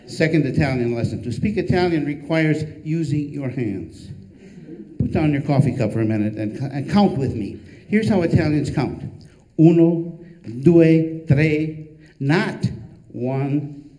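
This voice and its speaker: Wry older man with a mellow voice. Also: medium pitch, measured pace, poor audio. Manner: dry, wry delivery with deadpan punchlines. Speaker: author. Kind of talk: humorous memoir reading.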